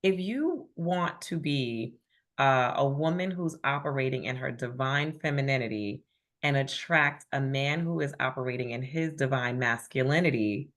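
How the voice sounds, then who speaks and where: A woman's voice: very deep voice, normal speed, fairly bright tone. A woman facilitating a spiritual group call, affirming members and reading chat comments aloud.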